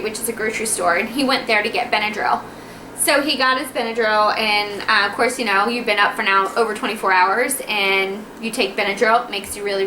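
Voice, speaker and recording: Woman vlogging at home, chatty and animated, high voice, echoey room. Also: slight background noise. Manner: chatty, animated, acts out dialogue. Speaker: vlogger telling her birth story. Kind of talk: casual storytelling to camera. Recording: echoey room, faint ambience.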